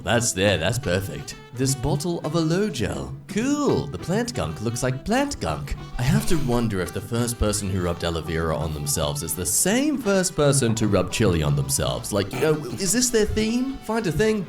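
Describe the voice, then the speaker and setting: Man, comic narrator, sarcastic, lively pitch, distant mic, soft music. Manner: dry sarcastic jokes, swings in pitch. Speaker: narrator of a funny post compilation.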